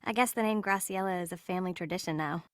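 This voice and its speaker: A woman's voice: lowish voice, fast, no echo, studio quality, lightly acted. A woman with an American accent playing a polite young university student in a scripted textbook dialogue. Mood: pleasant. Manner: polite, clear answers.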